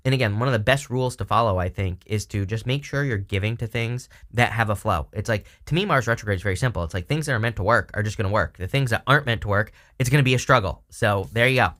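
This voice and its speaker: Man, tarot reader, casual monologue, somewhat low voice, rambling, filler-heavy, laughs often. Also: fast, hardly any pauses, a bit bright. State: hiccups.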